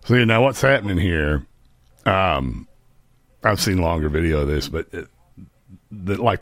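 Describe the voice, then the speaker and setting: A man's voice: low voice, dry recording. A man hosting a live stream, giving sarcastic, mocking commentary on clips. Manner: mocking, sarcastic, laughs at own jokes. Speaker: host.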